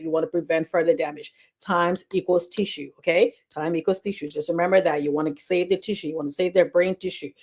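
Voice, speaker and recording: A woman health educator talking fast and casually to camera, repeating key points with lots of fillers. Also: low voice, a little mellow. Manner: talks fast.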